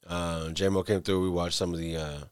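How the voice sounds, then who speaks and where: Man, podcast host, lowish voice, dry close sound, laid-back chat. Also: flat delivery, moderate pace, smooth, no room sound. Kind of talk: casual chat.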